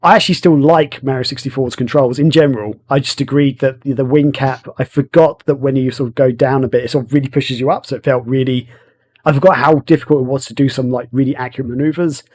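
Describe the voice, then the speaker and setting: A man's voice: mid-range voice, fairly even intonation, quick pace, a little mellow. A man with an English accent, hosting a casual podcast chat, rambling with many fillers. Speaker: podcast host.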